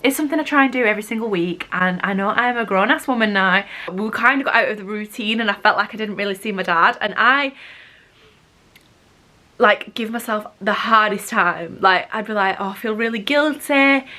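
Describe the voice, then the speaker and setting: A woman's voice: medium pitch, fairly quick, bright, forceful tone. A young woman, chatting casually to camera in her bedroom, rambling and self-deprecating. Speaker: vlogger. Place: bedroom at home.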